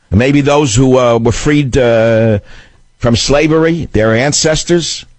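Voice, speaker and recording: A man's voice: medium pitch, a little mellow, no echo. A man hosting a political talk radio show, delivering a combative, sarcastic monologue into a studio microphone. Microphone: studio broadcast mic.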